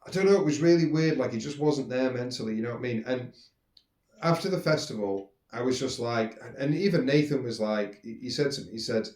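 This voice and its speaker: A man, casually telling personal stories in a rambling, animated way, with some swearing. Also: mid-range voice, fairly quick. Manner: rambling, animated, swears, acts out quoted speech. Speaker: podcast host. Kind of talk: casual storytelling monologue. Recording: roomy echo.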